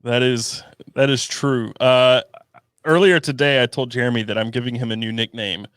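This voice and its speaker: A man's voice: medium pitch, steady tone, normal speed, a bit bright, clean tone, no echo, clean studio sound. A man co-hosting a live podcast in casual chat, telling teasing stories about his friend. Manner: teasing storyteller. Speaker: podcast co-host.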